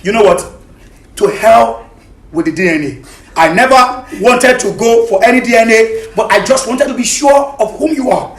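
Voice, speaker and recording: An actor plays a betrayed husband who rages at his wife, his high, strained voice bouncing around an echoey room. He shouts, then drops to a bitter hush. It is a staged talk-show confrontation. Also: normal speed. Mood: furious. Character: betrayed furious husband, middle-aged father.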